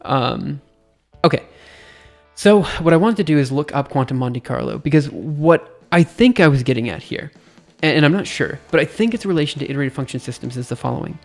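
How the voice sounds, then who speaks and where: A man streaming a casual physics lesson, thinking aloud, chatty and quick to giggle at himself. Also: on the high side, expressive, vocal fry, faint music behind. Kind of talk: casual livestream explanation.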